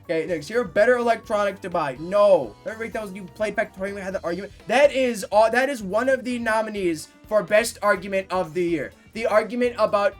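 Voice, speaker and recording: High-voiced young man ranting casually. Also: soft background music. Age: about 19. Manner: rambling, swearing, quick to mock outrage. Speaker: livestreamer. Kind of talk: casual chat with viewers.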